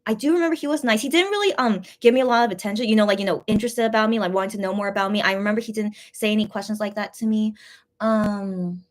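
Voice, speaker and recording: A young woman from the USA chatting casually to her viewers, rambling through a story with restarts and squealing when she quotes herself. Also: fast talker. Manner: rambling, restarts, excited high-pitched quoted exclamations. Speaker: vlogger recounting a fan meeting.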